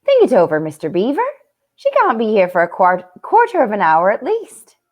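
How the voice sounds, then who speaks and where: A fussy, practical mother beaver who bustles and bosses everyone kindly, put on by a woman reading a storybook aloud. Her lilt wanders between Irish and English, and her pitch swings lively through each line. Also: lo-fi sound. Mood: bustling. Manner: brisk, bossy, soothing.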